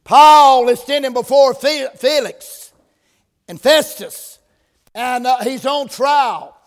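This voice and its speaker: A man preaching a sermon in a church. He opens with a quiet prayer, then preaches with rising, emphatic force. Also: very high-pitched, slow. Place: church sanctuary. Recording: long reverb of a church hall.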